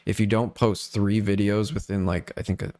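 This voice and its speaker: A man's voice: lowish voice, level tone, moderate pace, darkish tone. A man, a guest on a live stream panel, chatting casually in a laid-back, rambling way with many fillers. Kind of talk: casual chat.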